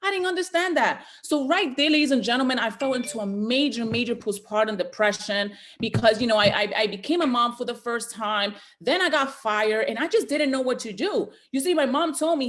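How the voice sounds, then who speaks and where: A woman's voice: on the high side, fairly quick, hardly any pauses. A woman from the Bronx giving a motivational talk on a video call, telling her story emphatically to the audience. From the Bronx, New York. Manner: emphatic, storytelling, addresses "ladies and gentlemen". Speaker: guest speaker and motivational educator.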